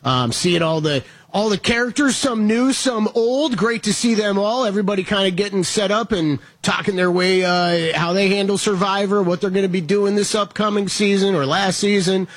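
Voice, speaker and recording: A man co-hosts a casual sports betting talk show. His voice sits fairly high with a slightly breathy edge, and he comes across as laid-back and jokey. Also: normal speed, hardly any pauses, fairly bright tone. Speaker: co-host.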